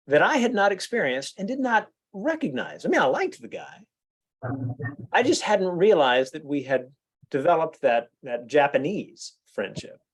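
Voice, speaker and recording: Animated man telling stories. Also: high-pitched. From United States. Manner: animated storyteller, frequent restarts and "you know". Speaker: guest speaker at a club meeting. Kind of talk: anecdotal speech.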